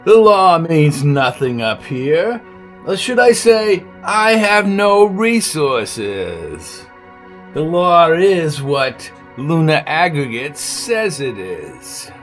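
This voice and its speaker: A man voicing a gruff, blustering inspector. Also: on the high side, sing-song, very slow, a bit bright, soft background music, full character voice. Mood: grumbling. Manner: blustering, exasperated. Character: gruff irritable male inspector.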